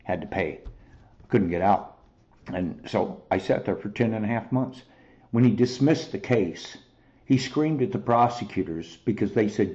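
A man's voice: fairly low pitch, expressive, unhurried, dark tone, muffled recording. A man hosting a talk show, delivering an angry, profane monologue straight to his listeners. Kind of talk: heated monologue.

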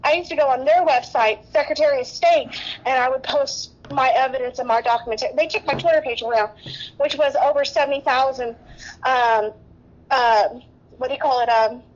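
Tearful high-voiced woman, rambling. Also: a little fast, muffled recording. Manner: rambling, breathless, many restarts. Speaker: guest nurse. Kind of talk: emotional interview talk.

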